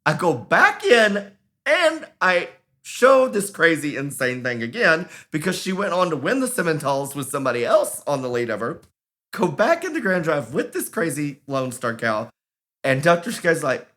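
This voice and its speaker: A man's voice: on the high side, normal speed. A man co-hosting a podcast, telling stories casually and acting out the voices of the people in them. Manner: animated, acts out quoted voices, laughs while telling. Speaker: podcast co-host. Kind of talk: casual storytelling.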